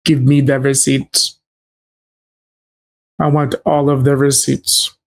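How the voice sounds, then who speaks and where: A man's voice: mid-range voice, little pitch movement, very slow, pitched below the performer's own voice. A man mimicking a whiny woman who demands to see receipts, drawn out and taunting.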